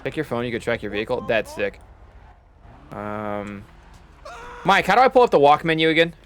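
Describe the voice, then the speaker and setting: A man's voice: mid-range voice, expressive, normal speed, fairly bright tone, slight background noise. A man streaming a game, casually thinking aloud and muttering to himself as he plays.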